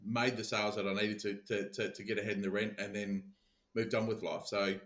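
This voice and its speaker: Man, low voice, casual storytelling, repeats words, echoey room, muffled sound. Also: level tone, brisk, a bit bright. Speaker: podcast guest, sales business founder. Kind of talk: casual conversation. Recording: dull, roomy remote recording.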